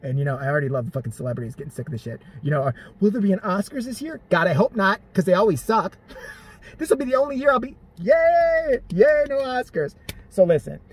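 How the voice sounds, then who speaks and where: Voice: medium pitch, animated, fast, husky. A vlogger ranting in profane, sarcastic, exasperated commentary.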